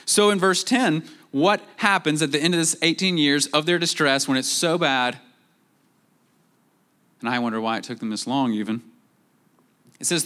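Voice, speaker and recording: A man preaching a sermon, jumping up in pitch to act out quoted voices and dropping to slow, quiet emphasis on key points. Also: clean tone. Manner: animated, acts out quoted voices with rising pitch. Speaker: pastor.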